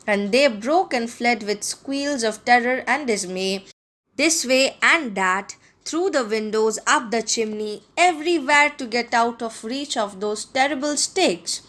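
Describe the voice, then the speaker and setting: A woman narrating a classic children's novel as an audiobook, reading in an expressive, measured way. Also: a little high.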